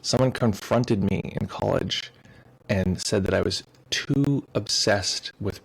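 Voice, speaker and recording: A man's voice: fairly low pitch, slow, creaky, slightly rough, rough recording. A man hosting a meditation livestream in a casual, joking way, reading viewer comments aloud. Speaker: meditation teacher. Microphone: streaming mic with headphones.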